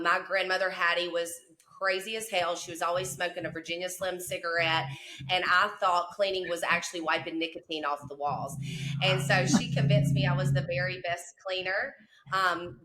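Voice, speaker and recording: Woman, Mississippi Southern accent, lively talker, bright tone, lowish pitch. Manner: lively, chatty storyteller. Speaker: guest, cleaning company owner. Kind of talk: casual podcast chat.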